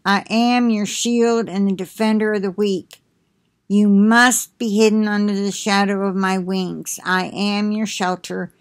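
A woman slowly reading out devotional prophetic messages, pausing to add quick explanatory asides in her own words. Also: medium pitch, fairly even intonation.

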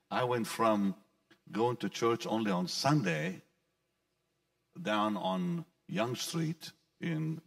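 A man with a gravelly voice tells his own story in an interview, circling back and repeating words as he goes. He speaks from somewhat far off the mic, so the sound is distant. His pitch sits in an ordinary middle range. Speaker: pastor. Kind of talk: personal testimony in an interview.

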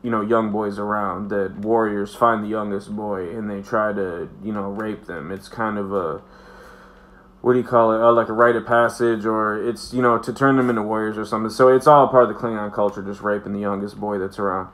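A man's voice: on the low side, steady tone, brisk, a bit bright. A man giving a casual, profane, rambling recap of a show for his channel, full of fillers. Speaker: video reviewer.

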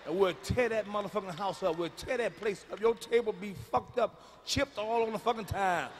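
A middle-aged man doing a profane, blunt stand-up routine, booming out his punchlines live in a large venue. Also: normal speed, noisy background. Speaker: stand-up comedian. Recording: live stage mic in a reverberant arena.

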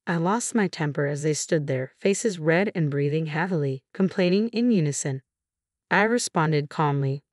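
A woman reading a first-person revenge story as scripted narration, in an even, steady way. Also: sits low, moderate pace, dry recording, studio quality.

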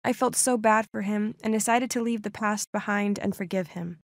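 A young woman narrating a dramatic first-person story with an expressive, animated delivery. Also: medium pitch, normal speed, no echo, studio quality.

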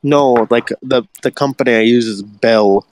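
A tired man on a casual voice chat from his basement bedroom, halting and restarting often. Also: mid-range voice, a little mellow, dry recording, low-quality recording. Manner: halting, many restarts and fillers. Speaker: stream guest.

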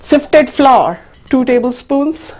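Woman, cooking show host, friendly chatty demo delivery, slightly high voice. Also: expressive, slow pace, a little mellow, slight background noise. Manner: chatty, addresses viewers as folks. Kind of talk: cooking demonstration.

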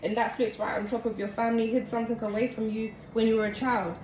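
A woman's voice: a little high, fast. Chatty woman reading tarot, echoey room. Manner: chatty, keeps calling out to viewers as guys. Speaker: tarot card reader. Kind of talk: casual tarot reading to camera. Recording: echoey room with steady background noise.

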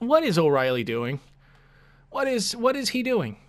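A man's voice: high-pitched, big pitch swings, slow pace, no room sound. A young man commentating his video game play, frustrated and profane, ranting about his team. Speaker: gaming commentator.

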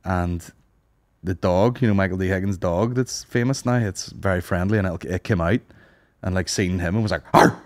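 A man's voice: low-pitched, moderate pace, a little mellow, dry recording. A man co-hosting a podcast, trading crude jokes and slipping into put-on voices. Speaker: podcast co-host. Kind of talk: crude comedic banter.

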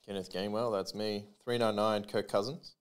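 A man's voice: lowish voice, steady tone, normal speed, clean tone. A man hosting a live trading card break, calling out player names and serial numbers with chatty asides to his viewers.

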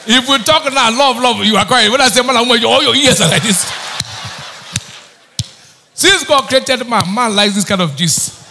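Over a noisy background, a man with a very high, gravelly voice preaches at a moderate pace, pausing often. As pastor, he throws call-and-response questions at the congregation and preaches emphatically, his voice often rising.

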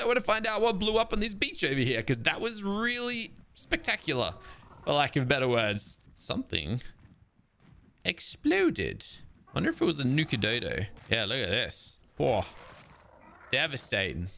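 A young man giving casual running commentary on a survival game, reacting excitedly with sudden exclamations. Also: medium pitch, normal speed, creaky. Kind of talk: casual let's-play commentary.

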